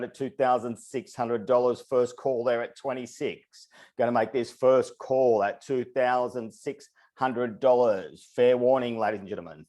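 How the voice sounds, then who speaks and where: Fast-patter male charity auctioneer. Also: mid-range voice, darkish tone. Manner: rhythmic auctioneer patter, repeating bids. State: out of breath. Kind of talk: rapid charity auction calling. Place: online webinar.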